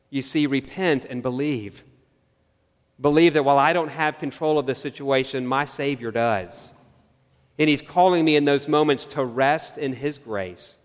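A man preaching a sermon, earnest and searching, asking his listeners questions and slowing down on key phrases. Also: mid-range voice, in a large hall. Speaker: pastor.

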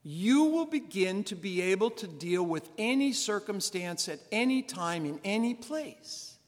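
A man's voice: high-pitched, big pitch swings, measured pace. A male pastor delivering an earnest, emphatic sermon full of rhetorical questions. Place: church. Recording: reverberant church sanctuary.

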